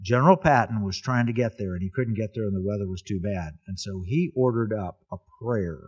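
A man's voice: lowish voice, brisk, darkish tone, husky. A man hosting a casual talk, telling a history story in an earnest, emphatic way.

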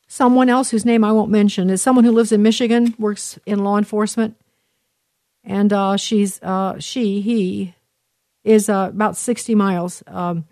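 This middle-aged talk radio host has a darkish, mid-range voice and reads listener messages with earnest emotion, stumbling through many fillers and restarts. The audio is studio quality, free of echo.

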